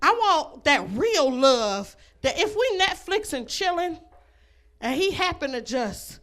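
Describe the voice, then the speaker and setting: A woman's voice: high voice, very animated, takes it slowly, fairly bright tone. A woman doing a stand-up comedy set, brash and bawdy, speaking to the ladies in the crowd and laughing at her own jokes. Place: comedy club stage.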